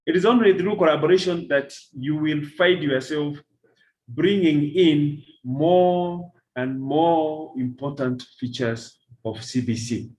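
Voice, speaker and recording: Middle-aged male teacher trainer lecturing from slides; slow, measured, repeats key lines. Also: fairly high pitch, a little mellow, rough recording. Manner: slow, deliberate, repeats key phrases for emphasis.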